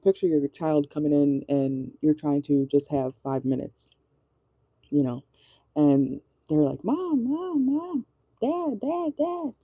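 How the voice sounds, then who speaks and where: A woman's voice: low voice, mellow, no room sound. A woman giving a casual tarot reading from inside a car, chatty and rambling, laughing often and swearing casually. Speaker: tarot reader.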